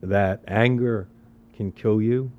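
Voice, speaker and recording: A man's voice: on the low side, steady tone, slow pace, dull audio. A man giving a spiritual talk in a conversational, emphatic way, repeating phrases and asking rhetorical questions. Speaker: spiritual teacher.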